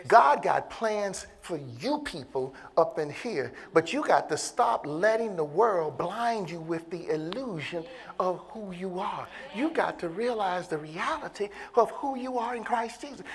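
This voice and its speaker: A bishop preaching a sermon to a congregation, moving from low, casual talk to loud, impassioned calls and laughing between lines. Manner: casual vernacular grammar.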